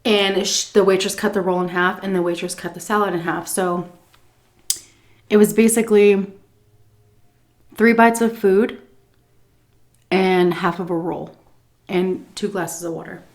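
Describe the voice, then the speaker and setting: A woman's voice: medium pitch, fairly even intonation, unhurried, long pauses. A woman food vlogger telling a story in a chatty, casual way while she eats, often breaking into laughs.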